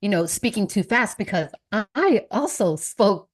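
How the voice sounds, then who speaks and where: A woman's voice: medium pitch, expressive, a little slow, husky. A woman from the United States, a podcast guest, chatting in a playful way and laughing easily. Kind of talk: casual podcast chat.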